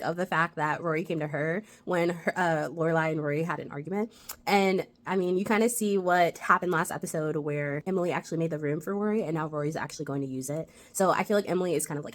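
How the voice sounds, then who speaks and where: A woman who reviews TV rewatches gives a casual, chatty recap of an episode, retelling it with lots of "like" fillers. Her voice is deep and her pace is quick.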